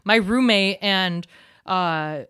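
A woman's voice: mid-range voice, takes it slowly, a bit bright, smooth, no room sound, clean studio sound. A young woman from South Dakota with a Midwestern accent, co-hosting a podcast in casual, laughing chat full of fillers and restarts. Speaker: podcast co-host.

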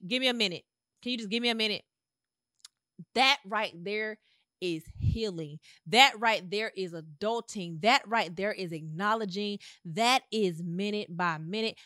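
A woman's voice: fairly high pitch, bright, forceful tone, no room sound, clean studio sound. A woman hosting a podcast, giving an emphatic motivational monologue in a conversational, repetitive way. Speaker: podcast host.

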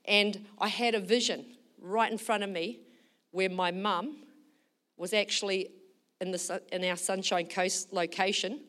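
A woman pastor preaching a sermon, telling a story with lively acted quotes and leading a fervent prayer. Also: medium pitch, a little slow.

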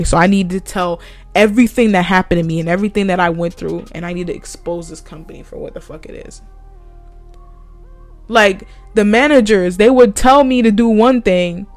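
A woman's voice: on the low side, a little mellow. A young woman ranting heatedly and sarcastically in a profane vlog monologue. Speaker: vlogger.

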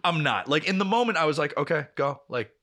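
This young man co-hosts a podcast, speaking quickly in a slightly high, sing-song voice that's bright and forceful. He rambles through a long, profane story in casual conversation, voicing the dialogue as he tells it.

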